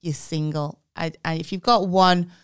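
Smooth-voiced woman, dry close mic. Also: on the low side, steady tone, dry recording. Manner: quick, joking banter. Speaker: podcast co-host, comedian. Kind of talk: casual chat.

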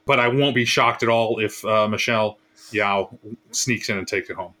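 A man's voice: on the low side, moderate pace, pushed and bright. A man on a casual panel discussion, called professor, thinking aloud and hedging his picks.

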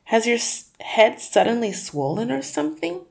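A woman's voice: on the high side, lively intonation, moderate pace, gravelly, slightly rough, pitched above the performer's own voice, full character voice. A woman voicing a clever little girl who sounds sweet and innocent.

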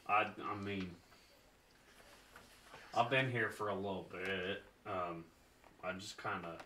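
Very deep, hesitant man far from the mic. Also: sharp tone, a little hiss or hum. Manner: hesitant and halting, many fillers. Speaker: player. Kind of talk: tabletop role-play in character. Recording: echoey room, voice away from the mic.

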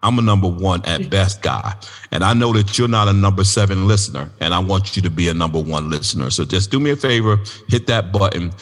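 Low-voiced guy hosting a podcast, chatty and folksy, echoey reverb on it. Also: fairly quick. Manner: animated, folksy storytelling. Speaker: podcast host. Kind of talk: casual podcast talk.

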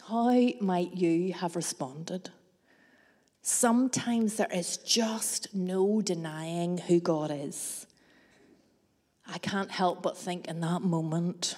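Woman preaching, slow and measured, long echo from a big church hall. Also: fairly low pitch, darkish tone. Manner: measured, reflective, with dramatic pauses. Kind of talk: sermon with personal storytelling. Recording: long reverb of a large hall.

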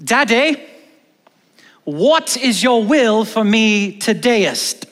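A man's voice: sing-song, very slow, fairly bright tone, heavily acted. A man voicing an eager thirteen-year-old boy who speaks in an exaggerated mock old-fashioned accent, with a long church-hall reverb. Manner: exaggerated archaic lilt, high and drawn out.

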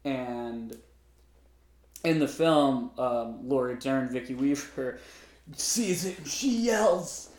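A man's voice: mid-range voice, animated, slow, a little mellow, echoey room, a little hiss or hum. A man co-hosting a podcast, recapping a film in casual chat with wry, profane asides.

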